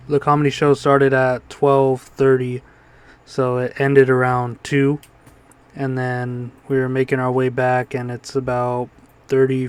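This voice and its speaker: Guy on a podcast rambling through a story, lots of ums, smooth clean voice, mid pitch. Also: a little mellow. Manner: rambling storytelling with frequent fillers and laughs. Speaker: podcast co-host. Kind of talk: casual podcast chat.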